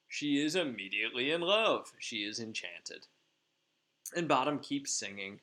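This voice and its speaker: A man's voice: mid-range voice, animated, moderate pace, sharp tone. A male teacher retelling a play for his class in a chatty, informal way with lots of fillers.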